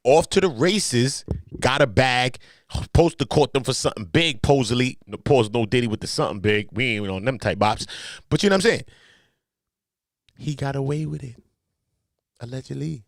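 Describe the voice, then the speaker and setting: A man's voice: medium pitch, a little fast, creaky, pauses often, no room sound. La guy riffing on court papers, slangy and joking, mid voice, dead dry sound. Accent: Los Angeles. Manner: animated, joking, heavy street slang. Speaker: commentator. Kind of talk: casual commentary.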